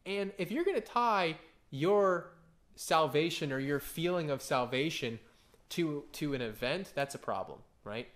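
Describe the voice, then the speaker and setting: A man's voice: fairly high pitch, expressive, measured pace, a bit bright. A man in his thirties preaching a conversational sermon, telling stories and often checking in with "right?". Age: 30s. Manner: conversational, story-driven preaching with frequent "right?" asides. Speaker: pastor.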